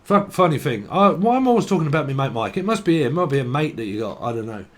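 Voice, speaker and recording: A man's voice: a little high, very animated, racing. A man giving a casual, rambling tarot reading, swearing and laughing between tangents. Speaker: tarot reader.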